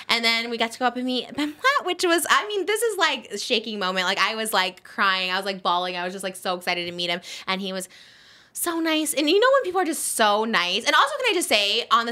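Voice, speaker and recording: A woman's voice: mid-range voice, pushed and bright. A woman in her thirties hosting a podcast, telling a story in a gushing, giggly, casual way. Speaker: podcast host. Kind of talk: casual chat.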